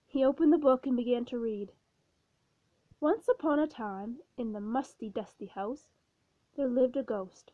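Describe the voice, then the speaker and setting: A woman narrating a children's storybook aloud in a slow, clear storytelling manner. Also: on the high side, no echo. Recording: dull, dry recording.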